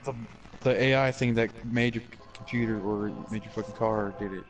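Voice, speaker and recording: A man's voice: lowish voice, fairly even intonation, moderate pace, recorded from a distance, rough recording. A young man gaming with friends over voice chat, blunt and cursing freely, reading chat messages aloud into a headset mic held close to his face.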